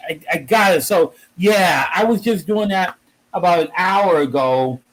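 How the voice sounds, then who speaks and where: A man with a high, lively voice talks about comics in a relaxed interview. He tells his stories with energy, breaking into exclamations and acting out other people's lines. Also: measured pace, background noise. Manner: animated storyteller, exclaims and acts out quotes. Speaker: comic creator guest. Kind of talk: casual conversation.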